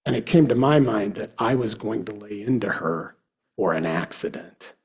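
Husky man telling a faith story. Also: on the low side, lively intonation, a little mellow. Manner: casual, halting with fillers. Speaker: speaker telling a devotional story. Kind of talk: personal devotional storytelling.

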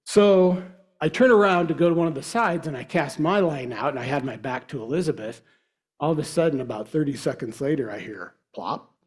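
A man telling a personal devotional story in a casual, halting way with frequent fillers. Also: fairly high pitch, husky.

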